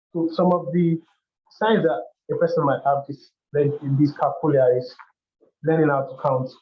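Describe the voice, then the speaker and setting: A man hosting a workshop, explaining topics step by step in a loose way with frequent restarts. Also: on the high side. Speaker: workshop host. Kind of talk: educational talk. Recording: dull lo-fi sound.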